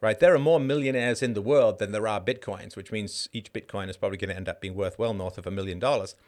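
A low-voiced Canadian man tells stories fast on a livestream he hosts. His casual monologue is animated, and he acts out the people he quotes.

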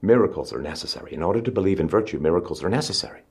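A middle-aged man giving an emphatic public speech, pushing his pitch up on stressed words. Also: expressive, rapid-fire, a little mellow, slightly rough. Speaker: speaker.

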